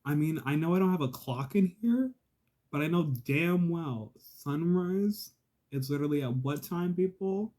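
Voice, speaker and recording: A man vlogger telling a casual, profane story, swinging from loud exasperated outbursts to hushed asides. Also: a little high, animated, measured pace.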